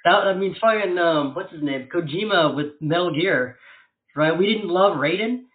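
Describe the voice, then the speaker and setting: A man co-hosting a casual podcast chat, speaking bluntly and profanely in a relaxed way. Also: high-pitched, moderate pace. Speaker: podcast co-host. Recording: echoey room over a phone-like line.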